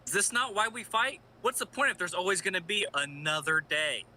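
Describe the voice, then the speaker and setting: A man voicing a brooding, defiant young male vigilante sidekick in a live fan audio drama read, sullen and low, flaring into angry shouts. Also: brisk, slight background noise.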